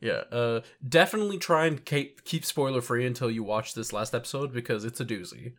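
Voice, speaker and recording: A man's voice: medium pitch, brisk, fairly bright tone. A man co-hosting a podcast in casual chat, easygoing and teasing. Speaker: podcast co-host.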